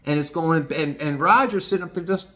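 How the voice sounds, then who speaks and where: A man telling a casual story in an animated, swearing manner. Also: a little high, fairly quick. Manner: animated, swearing, lots of restarts. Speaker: vlogger.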